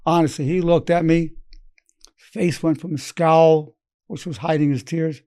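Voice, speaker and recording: An elderly psychologist in his eighties speaks a little slowly in a mellow voice on the high side. His storytelling lesson draws on patients' sayings, delivered in his own voice. Studio quality, no room sound.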